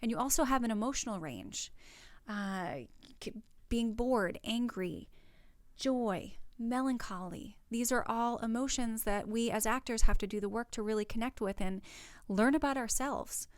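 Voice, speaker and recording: A woman's voice: a little high, normal speed, no room sound, clean studio sound. A woman acting coach giving spoken tips for a workshop in an encouraging, conversational way, with fillers.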